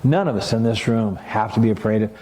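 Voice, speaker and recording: A man's voice: fairly low pitch, a little fast, warm tone, roomy sound, a little hiss or hum. A middle-aged man, a pastor, preaching a sermon in a church sanctuary, talking casually and then rising into emphatic passages.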